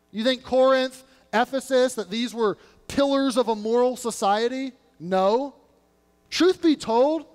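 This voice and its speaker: A male pastor preaching a sermon, animatedly acting out biblical characters in casual modern speech. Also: extremely high pitch. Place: church sanctuary. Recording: long hall reverb.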